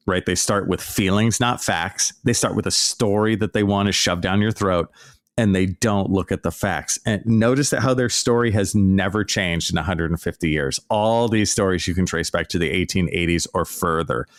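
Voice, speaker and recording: A man hosting a podcast as an archaeology professor, ranting in a sarcastic, mocking, animated way. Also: sits low, dry recording, studio quality. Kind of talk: casual ranting commentary.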